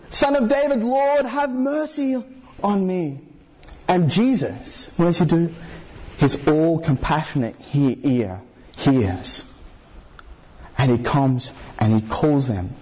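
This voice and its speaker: High-voiced husky man preaching. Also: expressive, unhurried, mellow. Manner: conversational, many "you know" fillers, asks the congregation questions. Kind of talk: sermon.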